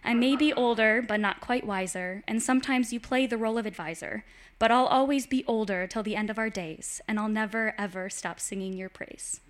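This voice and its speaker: A woman's voice: fairly high pitch, a little fast, noisy background. A woman reading an affectionate rhyming poem aloud at an open mic.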